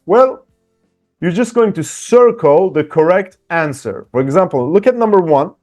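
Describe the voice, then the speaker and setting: A man teaching an online English lesson, reading example sentences slowly and clearly and talking directly to his viewers in an encouraging way. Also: on the high side, a little mellow.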